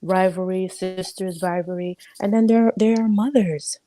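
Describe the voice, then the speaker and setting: A woman guest on a casual panel chat, talking in an animated, emphatic way and laughing often. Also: lowish voice, normal speed, faint music behind.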